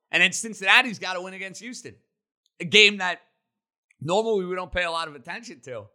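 Bright-voiced, emphatic sports talk man. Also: fairly high pitch. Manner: emphatic, rapid-fire opinions. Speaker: sports radio host. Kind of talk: opinionated sports talk monologue.

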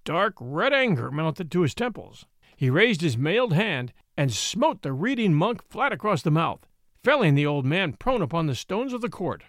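Expressive male audiobook narrator. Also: on the high side, moderate pace, no echo, clean studio sound. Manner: expressive, theatrical.

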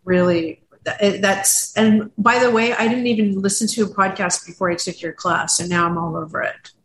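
A woman who took the host's class, chatting casually and haltingly. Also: medium pitch, steady tone, fairly bright tone. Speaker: former student of the host. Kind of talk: casual chat. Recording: echoey room with faint noise.

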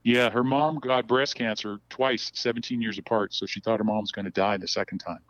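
A man's voice: lowish voice, steady tone, brisk, fairly bright tone, dry recording. Rambling middle-aged man telling stories. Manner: rambling, many restarts and "blah, blah". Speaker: podcast guest. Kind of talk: casual storytelling. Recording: dull, dry, lo-fi sound.

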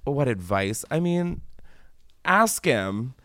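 A man hosting a podcast in casual chat, joking and animated, his voice jumping from loud squeals down to low mutters. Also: slow, no echo, clean studio sound. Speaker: podcast host.

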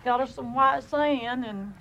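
A woman's voice: sits high, crowd noise. Rambling woman in a documentary clip. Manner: halting, wandering, hard to follow. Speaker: documentary interviewee. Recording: documentary clip with faint background noise.

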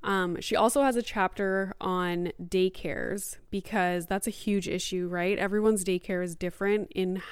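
A woman's voice: medium pitch, fairly even intonation, moderate pace, hardly any pauses, smooth, dry recording. A woman in her thirties hosting a podcast, talking casually and chattily, full of "like" and "um", a little out of breath. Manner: chatty, heavy use of "like" and "um". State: mildly out of breath. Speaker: podcast host. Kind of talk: casual solo podcast talk.

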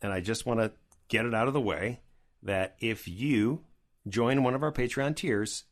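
A man's voice: medium pitch, moderate pace. A man co-hosting a podcast in casual chat, enthusiastic and rambling with frequent restarts. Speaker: podcast co-host.

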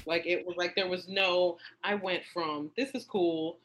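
Animated woman telling a wild story. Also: lowish voice, unhurried, slight background noise, low-quality recording. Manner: animated, acts out quotes in raised voice. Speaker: comedian guest. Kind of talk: casual storytelling.

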